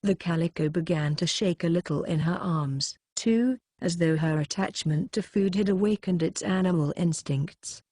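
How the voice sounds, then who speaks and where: A woman's voice: fairly low pitch, moderate pace, few pauses, warm tone, no room sound. Woman narrating an audiobook, dry close sound. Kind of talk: scripted narration.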